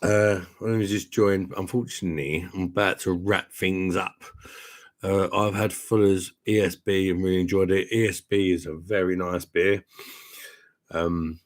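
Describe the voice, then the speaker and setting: A man's voice: low voice, fairly even intonation, a little slow. A tipsy man, chatting casually and rambling through a beer live stream at home, matey and swearing freely. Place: home room with sound panels.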